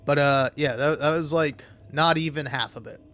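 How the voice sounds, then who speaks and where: A man's voice: on the high side, fairly even intonation, normal speed, a bit bright, soft background music. Rambling, swearing let's-play guy. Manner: rambling, swearing, talks back to the game. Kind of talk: casual gaming commentary.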